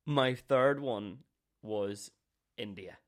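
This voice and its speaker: Podcast host: man, lowish voice, animated storyteller who swears freely. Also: drawn-out words. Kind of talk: casual storytelling chat.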